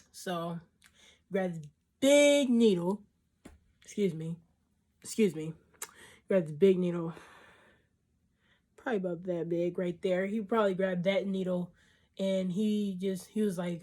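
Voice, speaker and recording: A woman's voice: lowish voice, a little mellow. A young woman vlogger casually telling a story to her camera, rambling with lots of fillers and acting out what people said. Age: young adult. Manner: rambling, filler-heavy, acts out quoted dialogue.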